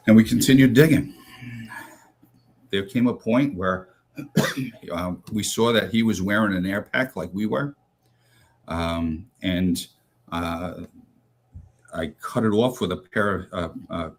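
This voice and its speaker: A man's voice: fairly low pitch, slow, long pauses. A retired rescue officer, a man, telling a first-hand story with many fillers and restarts, acting out what others said. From United States.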